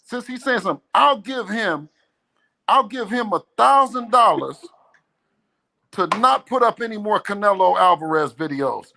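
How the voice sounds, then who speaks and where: A high-pitched, creaky-voiced man calls into a livestream, speaking at a moderate pace over slight background noise. He's animated and casual, laughing often and trading playful trash talk on the phone call.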